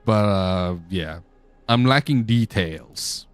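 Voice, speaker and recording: A man's voice: lowish voice, lively intonation, takes it slowly, clean tone, soft background music. Joking man streaming a game. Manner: joking, irreverent, rambling. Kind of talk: casual game commentary.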